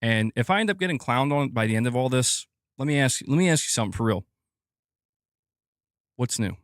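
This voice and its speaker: A man's voice: mid-range voice, fairly quick, no echo, studio quality. Ranting male game-news streamer. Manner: animated, swearing, ranting to chat with laughs. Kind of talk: casual live-stream commentary.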